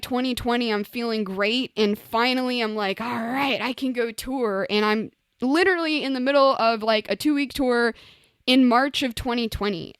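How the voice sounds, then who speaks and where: A woman's voice: a little high, fairly bright tone, smooth, dry recording. Candid young woman recounting hardship. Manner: emotional, frequent "like" and "you know", restarts, acts out her own past words. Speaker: recording artist guest. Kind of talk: candid interview storytelling.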